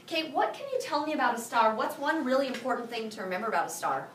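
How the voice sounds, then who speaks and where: A woman teaching a Spanish review lesson to a high school class, firing questions and having students repeat after her. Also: expressive, fast, fairly bright tone, slight background noise. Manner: drills students with call-and-response questions. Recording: echoey classroom from far off.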